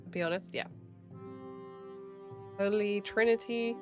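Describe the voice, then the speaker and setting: A woman's voice: medium pitch, fairly even intonation, measured pace, faint music behind. A woman chatting casually while streaming a game, giggly and swearing freely. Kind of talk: casual livestream chat while gaming.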